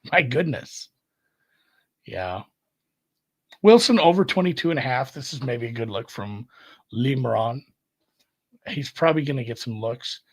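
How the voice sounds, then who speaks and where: A man's voice: medium pitch, lively intonation, unhurried, pauses often, husky. A man hosting a podcast, casually thinking aloud about sports bets as he checks the odds. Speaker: podcast host. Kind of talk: casual solo sports betting talk.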